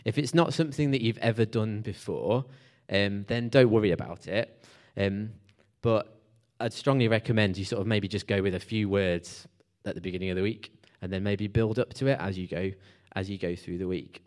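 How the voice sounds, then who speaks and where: A man gives a relaxed church talk. He speaks conversationally, with fillers and restarts. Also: on the low side, normal speed, few pauses. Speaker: preacher. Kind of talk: sermon.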